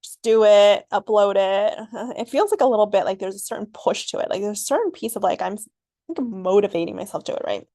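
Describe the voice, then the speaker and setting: A woman talks through her thoughts on her solo podcast, wandering from point to point and leaning on fillers with frequent laughs. Her voice sits at a middle pitch. The sound is close and dry, with no room around it. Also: expressive, fast talker, warm tone, breathy edge, dry recording. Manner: rambling, filler-heavy, laughs often. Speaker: podcast host. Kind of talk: reflective solo podcast monologue.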